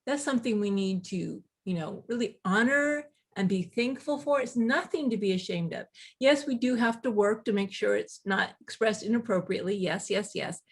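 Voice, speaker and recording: A woman guest author telling stories in casual conversation, animated, with quick asides and laughter. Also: mid-range voice, husky.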